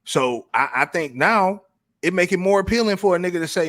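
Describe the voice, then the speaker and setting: A man's voice: high voice, lively intonation, fairly quick, a bit bright, no echo, clean studio sound. Man riffing loosely on a talk show. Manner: loose, repetitive, frequent restarts and slang. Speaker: podcast host. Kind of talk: casual talk-show commentary.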